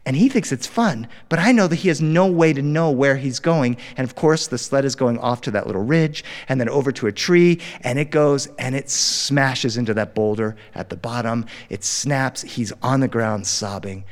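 A middle-aged man telling a personal story live in a studio before an audience, acting out the voices and swinging his pitch wide for drama. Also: normal speed, few pauses, in a large hall. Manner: animated, acts out dialogue with big pitch jumps.

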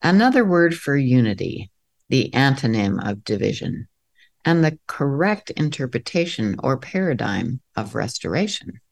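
A woman co-hosting a podcast who reads a poem aloud in a measured, thoughtful way. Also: a bass voice, big pitch swings, gravelly. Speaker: podcast co-host.

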